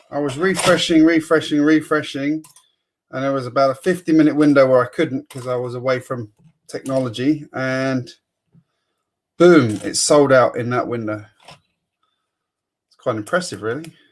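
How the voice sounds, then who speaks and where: A man's voice: medium pitch, normal speed, slight background noise. A man hosting a casual live stream, chatting to viewers while he sorts bricks and mutters to himself. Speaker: host of a building live stream.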